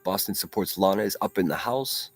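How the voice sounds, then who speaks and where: A man's voice: low voice, fairly quick, faint music behind. Blunt, profane man hosting a livestream. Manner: blunt, profane, reads viewer comments aloud. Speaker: livestream host. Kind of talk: casual solo livestream chat.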